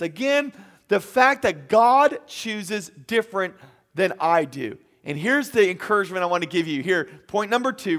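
High-voiced preaching man. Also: a bit bright. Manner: emphatic preaching with repeated lines and acted-out quotes. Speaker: pastor. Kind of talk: sermon. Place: empty auditorium.

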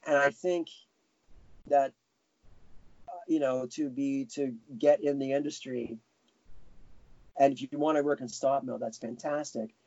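A man's voice: mid-range voice, fairly even intonation, measured pace, long pauses, darkish tone, no room sound. A man being interviewed, chatting casually with lots of restarts. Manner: rambling, self-correcting, chuckling. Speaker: guest animator. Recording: dull lo-fi sound.

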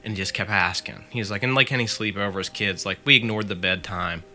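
A man with a fairly low, crisp and forceful voice spins a long story for his friends. He talks loosely and chattily, leaning on "like" and "he said" as he goes. Faint music sits underneath. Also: a little fast. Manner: chatty, leans on "like" and "he said" while retelling. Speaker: podcast co-host telling a story. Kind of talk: casual storytelling among friends.

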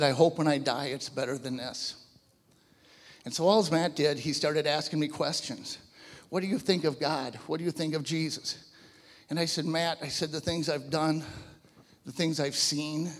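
A man in his fifties giving a personal testimony to a church audience, telling his story in an animated, conversational way. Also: on the high side, big-room sound. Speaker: guest speaker giving a testimony. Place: large church hall before a live audience.

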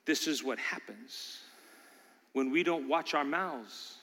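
An older man preaching a sermon as pastor, telling a story that builds to loud, animated bursts. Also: medium pitch, takes it slowly. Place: church sanctuary. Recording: long church hall reverb.

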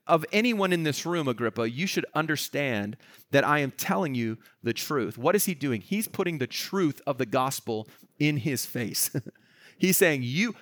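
A man's voice: a little high, no room sound, studio quality. A male pastor preaching a sermon, explaining a scripture passage and acting out its dialogue in different voices. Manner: animated, acts out the dialogue of a reading in voices.

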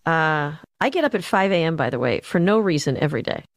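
Woman, 40s, casual rambling chat, lowish voice, dry sound. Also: animated, quick pace, no echo. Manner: chatty, rambling asides.

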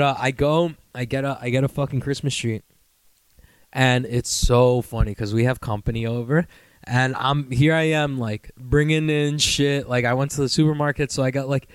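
A young man hosting a casual solo podcast, telling stories with high-pitched impressions and sudden squeaky outbursts. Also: smooth, no echo. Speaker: podcast host.

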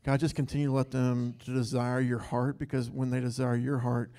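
A man's voice: medium pitch, level tone, fairly quick, dark tone. A man leading an earnest spontaneous prayer in church, saying God between phrases, with hesitant ums. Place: church sanctuary.

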